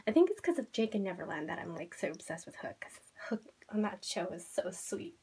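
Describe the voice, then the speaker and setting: A woman vlogger opening blind boxes on camera at home, gushing and giddy, jittery with excitement, swinging between squeals and hushed whispers. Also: fairly low pitch, a little fast, creaky, slightly rough. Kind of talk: excited unboxing chat.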